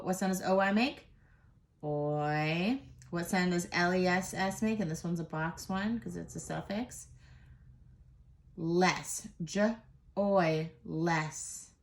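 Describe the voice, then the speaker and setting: A woman teaches a phonics lesson to young children. She speaks slowly and patiently in a fairly low voice. She sounds out each letter and gives plenty of praise. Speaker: first grade teacher.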